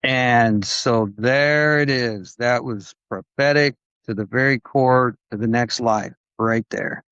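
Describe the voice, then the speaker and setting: A man's voice: mid-range voice, takes it slowly, a bit bright, smooth, dry recording. Rambling male podcast guest, dull lo-fi. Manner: rambling, acts out quoted voices with restarts. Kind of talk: conversational storytelling. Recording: dull lo-fi dry recording.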